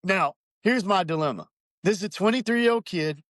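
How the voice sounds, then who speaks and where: A man's voice: high voice, normal speed, no echo, clean studio sound. A man telling a personal story in casual chat, acting out what others said. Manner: animated, acts out quoted voices. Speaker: podcast guest.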